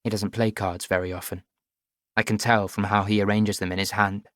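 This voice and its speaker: A man narrating a first-person audiobook in a measured, even storytelling voice. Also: lowish voice, no room sound, studio quality.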